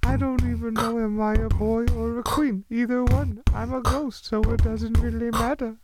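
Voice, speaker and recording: A man's voice: very high voice, little pitch movement, moderate pace, over music, pitched above the performer's own voice. A man voicing a goofy, unsure young ghost kid who boasts through a rambling freestyle rap. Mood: boastful, rambling.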